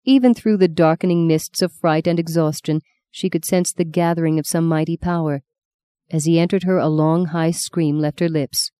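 A woman narrating an audiobook in a steady, measured storytelling voice, close to the mic. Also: low voice, smooth, no room sound. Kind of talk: scripted narration.

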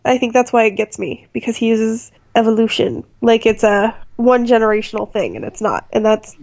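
Woman podcast host, lively and opinionated, slightly high voice. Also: vocal fry, lo-fi sound. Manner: animated, opinionated, quick to rant. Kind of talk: casual chat, TV episode discussion.

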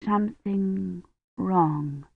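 A reader voicing a sick young man who speaks faintly and slowly, feverish and afraid. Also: medium pitch, lively intonation, gravelly, no room sound, phone-quality sound, exaggerated voice. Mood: weak, frightened. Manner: faint, slow, fearful murmuring. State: feverish, shivering.

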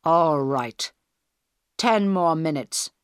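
A woman's voice: low voice, animated, extremely slow, clean tone, no echo, studio quality, full character voice. A woman reading a cold, menacing male hijacker.

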